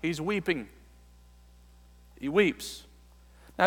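A man preaching a sermon, reading scripture aloud and then explaining it, building to emphatic, forceful peaks. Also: high-pitched, lively intonation, measured pace, pauses often, big-room sound. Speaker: pastor.

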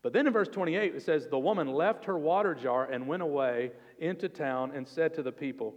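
A man preaching a sermon as pastor, earnest and expressive, sometimes dropping to a soft, intimate tone. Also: on the high side, brisk, few pauses, lo-fi sound. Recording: long reverb of a hall.

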